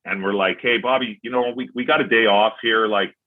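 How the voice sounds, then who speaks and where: A man's voice: lowish voice, steady tone, fairly quick. A man in his forties telling casual, rambling anecdotes as a podcast guest, acting out dialogue with "I'm like" and some swearing. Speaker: podcast guest, former pro hockey player. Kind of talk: casual storytelling. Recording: tinny phone-like line.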